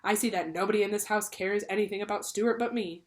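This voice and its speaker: Eager, excitable storybook boy, read by a woman. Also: mid-range voice, quick pace, natural voice. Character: eager young boy, a big brother.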